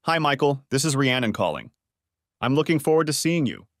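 A man voicing a confident, charming young woman who talks in a smooth, self-assured way. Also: mid-range voice, very animated, fairly quick, no room sound, studio quality, voice pushed up. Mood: poised.

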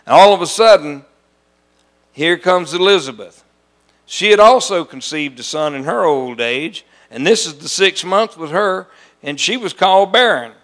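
A man preaching a sermon as pastor, animated and calling out to his congregation. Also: high-pitched, unhurried. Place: church sanctuary.

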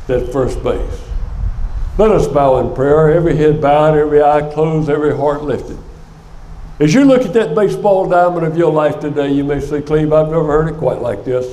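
An older man preaching a sermon in a church, telling a story with animated energy. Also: a little high. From United States. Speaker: guest speaker. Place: church sanctuary. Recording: echoey church sanctuary.

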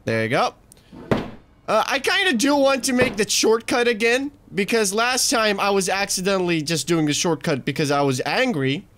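A man hosting a let's play, commenting on his game and getting frustrated, swearing, talking himself down and shouting at the game. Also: high voice, very animated, moderate pace, background noise. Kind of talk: gaming commentary.

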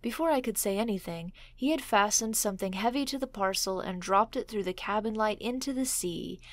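A woman's voice: mid-range voice, fairly quick, no echo. Woman narrating a story, dry close sound. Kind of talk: scripted narration.

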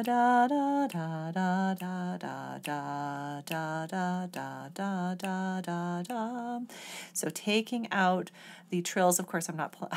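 A woman oboe professor explaining an etude step by step in a patient, methodical lesson. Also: fairly low pitch. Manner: patient, methodical, sings rhythms on syllables.

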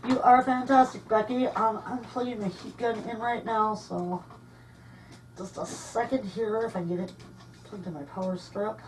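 A woman's voice: medium pitch, steady tone, unhurried, slight background noise. A woman hosting a casual craft vlog at home, gushing and chatty with lots of ums and uhs. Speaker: crafting channel host.

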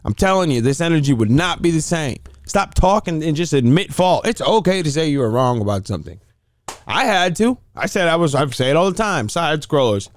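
A man's voice: on the high side, animated, brisk, no room sound. A man hosting a reaction video, incredulous and mocking as he comments on a streamer's rant.

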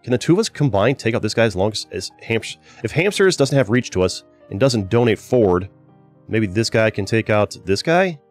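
A man's voice: lowish voice, sing-song, normal speed, faint music behind. A man hosting a gaming channel, giving casual gameplay commentary in a chatty way, with exasperated outbursts at his teammates. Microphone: desk microphone.

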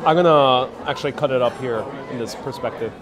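A man's voice: mid-range voice, fairly quick. A man from the United States live-streaming from inside a busy restaurant, chatting playfully with viewers as he tastes food and drink. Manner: playful, chatty, addresses viewers as ladies and gentlemen. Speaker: travel vlogger live-streaming. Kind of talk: casual live-stream chat. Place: indoor restaurant, public space. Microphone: phone held at arm's length. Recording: busy crowd chatter behind. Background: crowd chatter.

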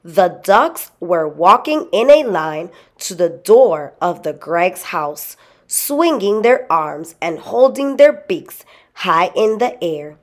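A woman reading a children's story aloud in a slow, expressive way. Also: fairly low pitch. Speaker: storybook reader.

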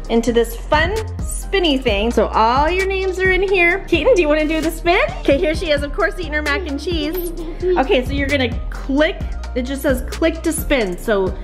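A woman talking in a casual family vlog, chatty and proud, laughing often. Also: high-pitched. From Seattle area, USA. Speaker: vlogger mom.

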